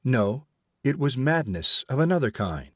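A man narrating a story in a measured, expressive reading. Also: medium pitch, no room sound, studio quality. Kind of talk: audiobook narration.

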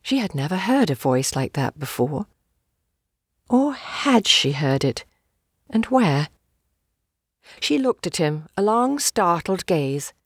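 Low-voiced woman reading a novel. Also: sing-song, husky, dry recording, studio quality. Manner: measured storytelling, gently acting out dialogue. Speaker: audiobook narrator. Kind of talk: scripted narration of a novel.

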